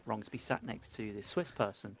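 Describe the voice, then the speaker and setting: A man's voice: on the low side, a little fast, creaky, a bit bright. Man telling rambling stories. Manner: rambling, sweary anecdotes. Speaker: player in voice chat. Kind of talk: casual storytelling.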